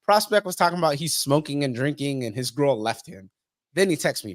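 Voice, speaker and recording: A man's voice: a little high, animated, fairly quick, no room sound, studio quality. A man talking bluntly on a podcast, swearing a lot and acting out the people he quotes. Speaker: podcast guest. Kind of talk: casual podcast conversation.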